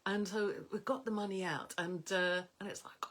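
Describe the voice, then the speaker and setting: A middle-aged woman, telling a rambling personal story to camera with many fillers and an animated delivery. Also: mid-range voice, moderate pace. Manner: rambling, animated, many fillers, dreamy soft whispers in places. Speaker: personal development coach.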